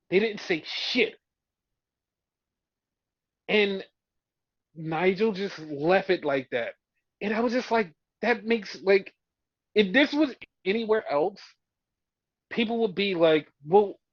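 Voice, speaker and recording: Man, high voice, exasperated rant, swearing, casual podcast, muffled dry sound. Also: no room sound. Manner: ranting, exasperated, swears a lot. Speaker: podcast co-host. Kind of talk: casual wrestling review chat.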